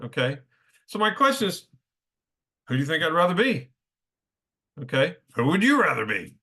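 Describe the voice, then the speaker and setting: A man's voice: on the high side, wildly swooping pitch, normal speed, bright, forceful tone, breathy edge. A middle-aged man preaching a sermon in a conversational way, often checking in with his listeners. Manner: conversational, keeps checking in with "okay?".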